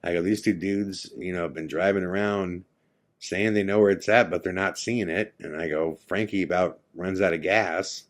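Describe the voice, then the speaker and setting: A man's voice: fairly even intonation, normal speed. A man hosting a podcast, telling a personal story casually and acting out his friends' lines in quoted dialogue. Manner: drops to a hushed, low tone for the eerie parts. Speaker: podcast host.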